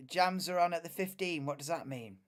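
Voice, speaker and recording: A young man talks loosely through a live stream, drifting into low mutters and casual swearing. His voice sits a touch higher than most men's. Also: brisk. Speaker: live watchalong host. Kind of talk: casual live commentary, chatting with chat.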